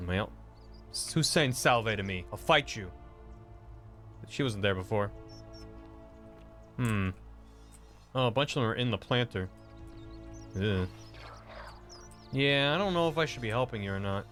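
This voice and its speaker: A man's voice: mid-range voice, expressive, unhurried, pauses often, a bit bright, faint music behind. A man giving jokey, casual commentary while streaming a video game. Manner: jokey, chatty, talks to the game characters.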